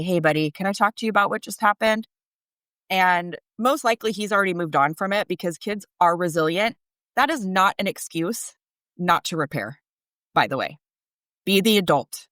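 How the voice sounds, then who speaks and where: A woman's voice: fairly low pitch, fairly bright tone, dry recording. A woman in her thirties, a parenting coach, explaining earnestly in a conversational podcast interview, rising animatedly on key points.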